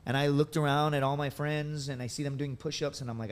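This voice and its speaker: A man's voice: a little high, fairly even intonation, fast, hardly any pauses. Rambling storyteller man in his thirties. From United States. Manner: rambling, full of likes and dudes. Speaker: podcast guest, veteran and comedian. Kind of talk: casual storytelling.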